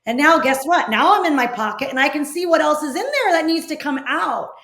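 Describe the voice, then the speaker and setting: A woman's voice: high-pitched, expressive, a little fast, fairly bright tone, echoey room. A woman hosting a podcast interview, talking in a reflective, encouraging way. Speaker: podcast host. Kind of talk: conversational interview.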